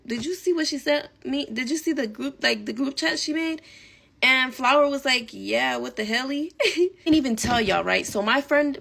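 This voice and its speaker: A woman's voice: fairly high pitch, gravelly, fairly bright tone. A young woman telling a casual storytime vlog, chatty and dramatic, swearing and dropping Spanish phrases.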